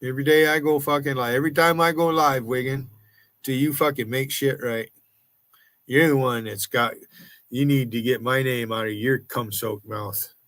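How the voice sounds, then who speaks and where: A man's voice: medium pitch, steady tone, moderate pace, a bit bright, no echo. A man in his sixties with an American accent, ranting angrily and profanely on his livestream. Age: 60s. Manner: profane and confrontational. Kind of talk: angry livestream rant.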